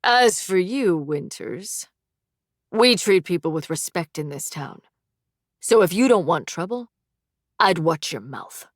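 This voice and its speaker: A man's voice: sits high, expressive, takes it slowly, no echo, studio quality, exaggerated voice. A woman voicing a smug, tall young man who gives curt, menacing warnings in an audiobook. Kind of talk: audiobook dialogue.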